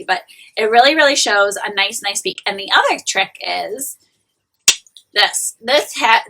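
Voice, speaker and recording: Bright, breathy chatty woman in her forties. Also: mid-range voice, rough recording. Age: 40s. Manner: chatty, confiding, full of "like" and restarts. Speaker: beauty vlogger and shop owner. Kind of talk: casual live-stream beauty tutorial. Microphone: phone or camera close up, live stream.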